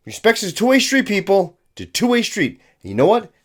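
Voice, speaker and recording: A man rants as a police officer, emphatic and full of scorn and profanity. His voice sits high and swings widely from line to line. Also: huge pitch swings, fairly quick. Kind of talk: ranting commentary.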